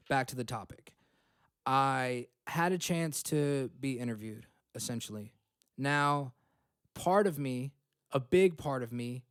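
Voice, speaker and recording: This young podcast host, recording self-help motivation at home, has a clear, resonant, medium-pitched voice. His style is blunt and profane, with frequent "okay?" and "right?" tags reinforcing each point. Clean studio sound, no echo.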